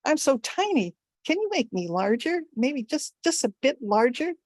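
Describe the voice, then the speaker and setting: A woman's voice: sing-song, moderate pace, a little mellow, no echo. A tiny, clever female rat frets that no one will notice her and begs in a raised, pleading voice, as a woman storyteller puts her on. The sound is close and dry, with no room around it. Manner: pleading, high and rising.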